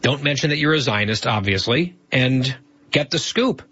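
A man co-hosting a talk show, teasing his co-host in casual comedic banter with a deadpan edge. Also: medium pitch, normal speed, breathy edge, no room sound, highs cut off. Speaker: podcast co-host.

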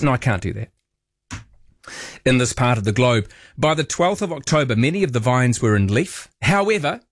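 A man's voice: mid-range voice, no room sound, clean studio sound. A man hosting late-night call-in talk radio, chatty and playful with jokey asides. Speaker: radio host.

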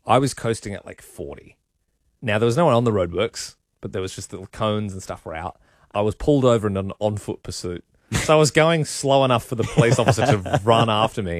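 A man's voice: lowish voice, fast, no room sound, studio quality. A young adult man with an Australian accent co-hosting breakfast radio, chatty and self-mocking as he tells stories. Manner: chatty storyteller, self-mocking, laughs often. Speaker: radio co-host. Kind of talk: casual breakfast radio chat.

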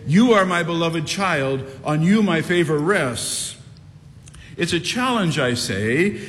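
Man in his sixties preaching in a reverberant hall. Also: on the high side. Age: 60s. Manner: emphatic preaching with slow drawn-out repeated refrains. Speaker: pastor. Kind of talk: sermon. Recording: long hall reverb with faint noise.

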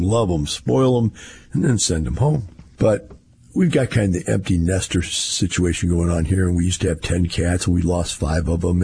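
A man's voice: low-pitched, vocal fry, mellow, slight background noise. A man, rambling through a casual monologue in a folksy storytelling way.

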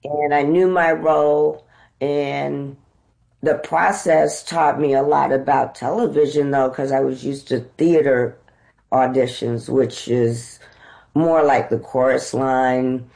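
A middle-aged woman from the United States, an actress being interviewed, telling lively stories and laughing often. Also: extremely low pitch, slow, gravelly, rough recording. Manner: animated storyteller, laughs often. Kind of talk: conversational interview storytelling.

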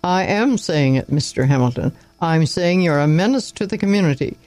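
A man reading as a sharp, contemptuous young doctor. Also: a little high, expressive, normal speed, dry recording, natural voice. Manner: sharp, clipped, cutting. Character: weary, contemptuous young male country doctor.

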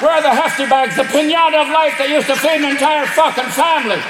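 A man's voice: very high-pitched, quick pace, noisy background, pitched above the performer's own voice. A man voicing a brash raccoon with an Irish accent, swearing indignantly about recycling. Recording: echoey hall, loud crowd.

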